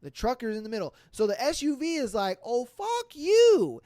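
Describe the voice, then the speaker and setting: A woman's voice: on the high side, quick pace, dry recording, studio quality. A woman hosting a podcast, reading out listener stories in a casual way and acting out the people in them with plenty of swearing. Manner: animated, profane, acts out quoted voices. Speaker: podcast host.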